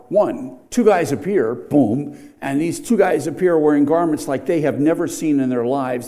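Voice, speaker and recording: Conversational male pastor, mellow tone. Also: mid-range voice. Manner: conversational, with asides and restarts. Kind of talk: sermon.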